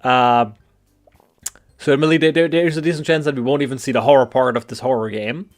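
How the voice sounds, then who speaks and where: A man's voice: mid-range voice, steady tone, brisk. A man from Germany, rambling and swearing in casual game-stream commentary. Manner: rambling and profane, many restarts. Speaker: gamer streamer. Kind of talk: let's play commentary.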